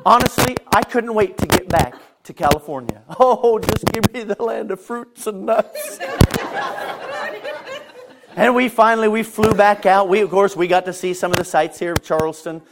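A male pastor telling a personal story in a sermon, swinging between self-mocking humor and quiet, earnest stretches. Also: high-pitched, normal speed, heavy background noise.

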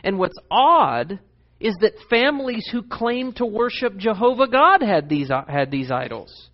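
High-voiced preacher, dull recording. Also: male voice, a little slow. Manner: animated, emphatic, reads scripture aloud. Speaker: pastor. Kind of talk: sermon.

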